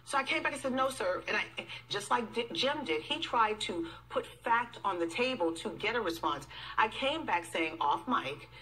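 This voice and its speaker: A woman who is a guest on a talk show, recounting an exchange in a measured way. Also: mid-range voice, expressive, bright, forceful tone, rough recording.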